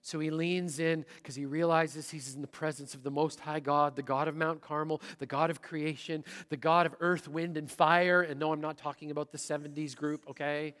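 A middle-aged man preaching in a church, his slightly high voice rising to loud emphasis and dropping to a near-whisper. The sound carries a long hall reverb. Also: flat delivery, moderate pace, few pauses. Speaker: pastor. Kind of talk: sermon. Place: church sanctuary.

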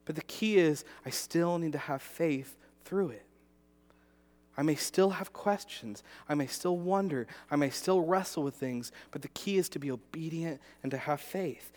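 A man's voice: fairly high pitch, moderate pace, a little mellow. A male pastor telling a personal story in a sermon, earnest, with frequent restarts and repeated words. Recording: long hall reverb.

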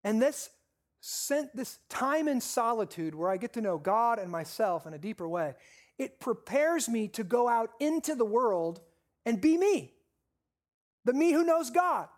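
A pastor preaching a sermon with repeated, stressed phrases, slowing down on key lines and asking the congregation questions. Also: medium pitch, very animated.

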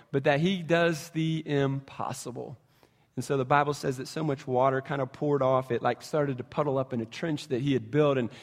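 Animated pastor preaching in a hall. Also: male voice, fairly high pitch. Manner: animated storytelling, acts out quotes. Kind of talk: sermon.

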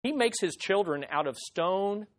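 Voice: mid-range voice, expressive, a little slow. A preacher delivering an expository sermon, speaking emphatically, repeating key points and often restarting phrases.

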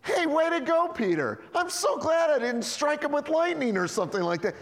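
A man voicing the angel Gabriel as an excitable, cheering male angel, pitched high, in a reverberant hall. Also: moderate pace, exaggerated voice. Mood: elated.

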